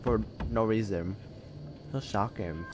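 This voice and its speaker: A man's voice: on the low side, takes it slowly, slight background noise. A young man streaming and chatting casually, telling rambling stories full of fillers and laughs. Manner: rambling, filler-heavy storytelling with frequent laughs. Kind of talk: casual chat while gaming.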